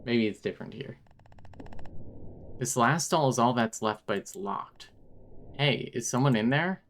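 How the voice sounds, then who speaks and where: A woman's voice: very deep voice, expressive, unhurried, a little hiss or hum. A woman streaming a video game live, commenting with wry, joking asides.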